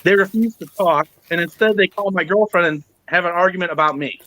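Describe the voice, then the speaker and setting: A man with a noticeably high voice hosts a casual podcast chat. He tells a long grievance story with lots of energy, acting out everyone he quotes and cursing freely. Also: brisk, poor audio. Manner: animated, acts out quoted people, swears. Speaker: podcast host.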